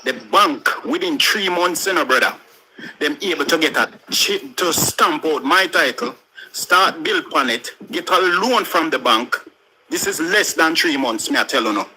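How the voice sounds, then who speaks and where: A man's voice: on the high side, expressive, normal speed, sharp tone, slight background noise, rough recording. A man with a Jamaican accent, a caller on a live stream, talking casually in patois. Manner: talks in patois, recounting at length. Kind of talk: casual chat.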